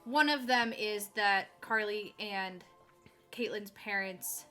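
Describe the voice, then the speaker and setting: A woman co-hosting a casual book podcast, her voice bright and sharp. She reacts quickly and with excitement, with faint music under the talk. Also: medium pitch. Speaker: podcast co-host.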